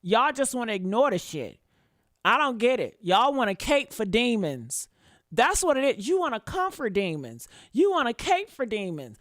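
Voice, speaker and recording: A woman's voice: fairly high pitch, very animated, moderate pace, no echo, clean studio sound. A woman doing reaction commentary on a livestream, blunt and profane, repeating her points and talking straight to her viewers. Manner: talks straight to her chat, asks for likes.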